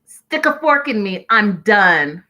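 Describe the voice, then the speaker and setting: A woman hosting a show, recapping episodes in an animated, exclaiming way and acting out what people said. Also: mid-range voice, slow pace. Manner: expressive, exclaiming, acting out quotes. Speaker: podcast host recapping a reality show.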